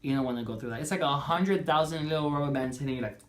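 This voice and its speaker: A woman chatting through a storytime vlog, animated and chatty, acting out bits of dialogue. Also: low voice, very fast, slight background noise. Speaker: vlogger.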